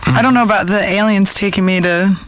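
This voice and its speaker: A woman's voice: mid-range voice, fairly quick, close to an everyday voice, low-quality recording. An actress playing an easygoing female radio co-host who gives short, agreeable replies.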